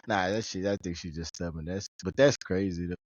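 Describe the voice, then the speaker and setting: A man hosting a podcast in casual chat, an animated storyteller who jumps into high-pitched voices when he quotes people. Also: fairly quick, no echo. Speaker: podcast host.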